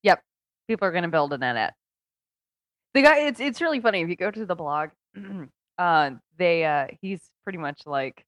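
A young woman co-hosting a casual comedy podcast over a Skype call, talking loudly and laughing often. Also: fairly low pitch, moderate pace, no room sound. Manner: loud, excitable, laughs often. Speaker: podcast co-host.

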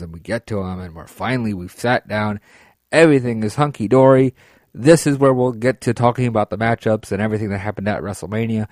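A man hosting a podcast, telling a long story in a rambling, excitable way with frequent swearing. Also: medium pitch, no room sound, studio quality. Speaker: podcast host. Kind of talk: casual storytelling.

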